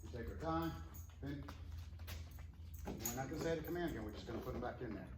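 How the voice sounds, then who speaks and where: A man who trains dogs, talking in a relaxed, rambling way and explaining tips casually with fillers and restarts. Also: medium pitch, fast talker, background noise. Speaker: dog trainer. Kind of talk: casual instructional talk.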